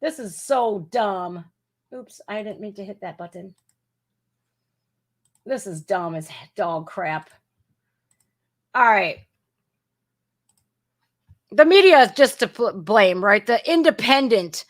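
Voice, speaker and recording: A woman hosting a casual news commentary podcast, blunt, crude and sarcastic, swinging between loud outbursts and muttering. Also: medium pitch, animated, takes it slowly, pauses often. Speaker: podcast host.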